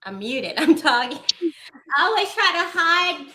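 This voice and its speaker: A woman's voice: sits high, sing-song, measured pace, sharp tone. A woman co-hosting a casual chat on a video call, earnest and candid, repeating phrases for emphasis. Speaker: co-host. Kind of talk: casual chat among friends.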